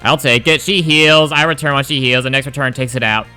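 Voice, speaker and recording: A man casually commenting on his own video game run, wry and quick to swear. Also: mid-range voice, fairly even intonation, pushed and bright, clean tone, soft background music. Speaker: gaming YouTuber.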